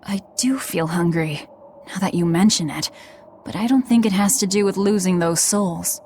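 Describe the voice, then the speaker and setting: A woman's voice: fairly low pitch, normal speed, a little mellow, slight background noise, close to an everyday voice. An actress voicing a blunt, guarded young woman in a video game, speaking in a terse, subdued way. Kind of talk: game voice acting.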